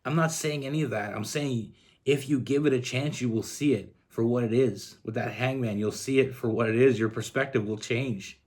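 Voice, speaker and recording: A man's voice: mid-range voice, normal speed, a little mellow. A man from Canada giving a casual tarot love reading, earnest and rambling with frequent restarts. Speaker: tarot reader.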